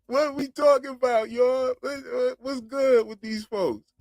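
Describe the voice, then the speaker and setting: A man's voice: very high voice, steady tone, measured pace, a little mellow, dry recording, clean studio sound. A man hosting a casual commentary channel, joking in slang and laughing often. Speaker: channel host reacting to a TV show.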